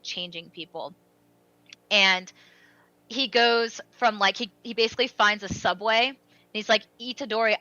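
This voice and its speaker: Young woman podcast cohost, bright sharp voice, excited rambling, dull dry mic sound. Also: medium pitch, no echo. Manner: animated storytelling with lots of fillers. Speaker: podcast co-host. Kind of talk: casual chat.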